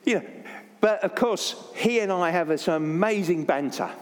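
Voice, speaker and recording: Older Baptist preacher, self-deprecating storyteller, lively delivery, reverberant church. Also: male voice, high voice, normal speed. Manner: jokey, anecdotal, self-deprecating. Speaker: Baptist pastor. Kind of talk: sermon.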